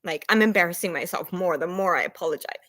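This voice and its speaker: A woman's voice: on the low side, quick pace, a bit bright. Rambling self-conscious woman vlogger. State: close to tears. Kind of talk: casual chat to viewers.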